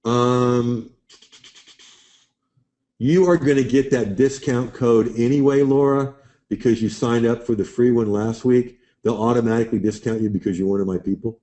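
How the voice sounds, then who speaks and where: A man's voice: medium pitch, steady tone, normal speed, mellow. A man hosting a live webinar, chatting loosely and answering viewers' questions by name. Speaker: webinar host.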